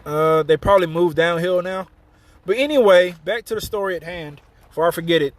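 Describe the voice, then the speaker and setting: A man's voice: high voice, brisk. A man streaming a game live, chatting casually with viewers and telling a story between plays. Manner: casual, chatty, retells a story while playing and thanking viewers.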